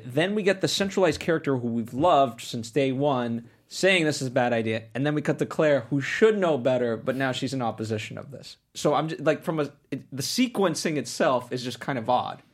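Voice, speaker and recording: A man with a mid-range voice talks films in a relaxed discussion. He builds his point step by step in a conversational way. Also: medium pitch. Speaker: podcast co-host. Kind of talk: casual film discussion.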